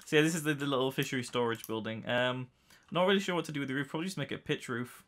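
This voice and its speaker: Bright, chatty British man gaming. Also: medium pitch, racing. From United Kingdom. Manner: chatty, joking, rambling. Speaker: let's play host. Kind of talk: casual gameplay chat.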